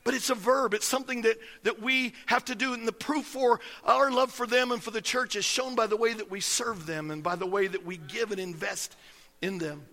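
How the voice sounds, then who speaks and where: A man's voice: high voice, fairly even intonation, moderate pace, pushed and bright, big-room sound. A man preaching a sermon as pastor, folksy and emphatic, telling stories to his congregation.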